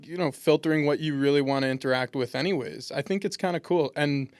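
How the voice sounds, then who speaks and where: A fast-talking man in his twenties with a fairly high pitch, a pro football lineman, tells relaxed, funny interview stories and keeps restarting them. The sound is clean studio audio without echo.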